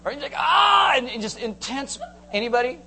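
A man preaching a sermon to a congregation, animated, acting out scenes and joking with the crowd. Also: very high voice, quick pace. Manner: animated, acts out screams and jokes with the congregation. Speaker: pastor.

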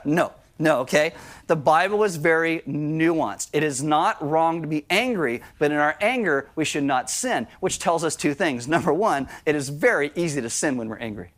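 A man's voice: a little high, animated, normal speed. A man preaching a sermon in a conversational style, breaking into acted-out asides. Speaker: pastor.

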